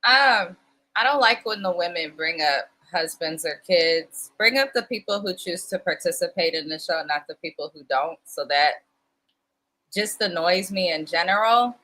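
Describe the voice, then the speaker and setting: Blunt woman with a bright voice. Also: on the low side, lively intonation, moderate pace. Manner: blunt and opinionated. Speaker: show co-host. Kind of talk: casual reality TV recap chat.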